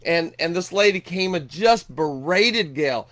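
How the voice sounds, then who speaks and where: A man's voice: on the high side, animated, measured pace, a bit bright. A middle-aged man preaching a sermon earnestly, often repeating and restarting his words. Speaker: pastor.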